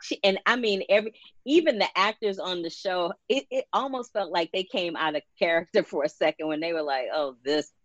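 A woman's voice: on the low side, lively intonation, a little fast, no room sound. A woman co-hosting a soap recap show, sassy and blunt in casual chat. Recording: dull dry lo-fi mic.

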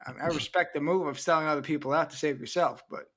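A man's voice: on the high side, fast talker, fairly bright tone. A man co-hosting a casual podcast, teasing the others with wry remarks. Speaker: podcast co-host.

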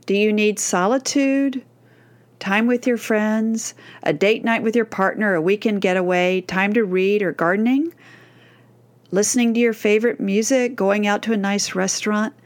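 Gentle woman coaching parents. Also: medium pitch, steady tone, normal speed. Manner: gentle, reassuring, speaks directly to moms. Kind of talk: scripted advice talk.

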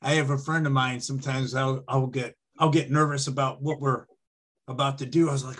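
A man's voice: medium pitch, level tone, brisk, fairly bright tone. A man hosting a casual interview, asking loose, rambling questions with restarts. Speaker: podcast host.

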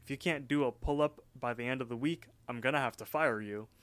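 A man's voice: medium pitch, a little fast, a bit bright, no room sound, natural voice. A man voicing Benson, a stern male park manager who speaks in a no-nonsense way.

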